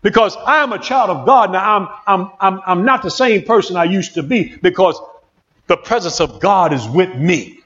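A male pastor preaching a sermon in an excitable call-and-response manner, in a church. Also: high-pitched, moderate pace, lo-fi sound.

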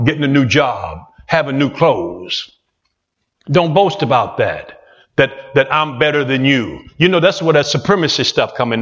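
A man preaching a sermon in a church, folksy and repetitive, talking straight to the congregation. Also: medium pitch. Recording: muffled echoey church hall recording.

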